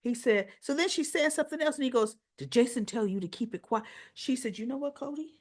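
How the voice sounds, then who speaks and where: A woman's voice: a little high, brisk. A woman hosting a casual soap opera recap, retelling scenes and acting out the characters' lines. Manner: animated storyteller, acts out quoted dialogue.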